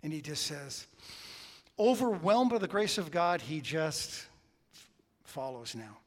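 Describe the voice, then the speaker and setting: A man preaching a sermon as pastor, swinging between hushed asides and loud, emphatic peaks. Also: fairly high pitch, animated, measured pace, pauses often. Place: church sanctuary. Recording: long hall reverb.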